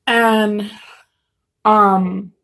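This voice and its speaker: A woman's voice: medium pitch, level tone, very slow, vocal fry, fairly bright tone. A woman telling a story casually at home, rambling with many fillers and restarts. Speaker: vlogger telling a story while eating.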